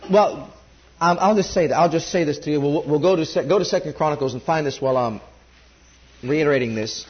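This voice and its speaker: A man preaching a sermon, rising loud on key points and dropping low when quoting scripture. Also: a little fast, highs cut off.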